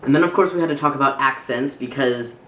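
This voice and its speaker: A young American man hosting a comedic vlog, teasing his guest with playful, mock-naive questions. His voice sits in an average pitch, and it carries a roomy echo with a faint hiss behind it. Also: quick pace, sharp tone. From United States. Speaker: vlog host. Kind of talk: casual comedic vlog chat. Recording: roomy, slight noise.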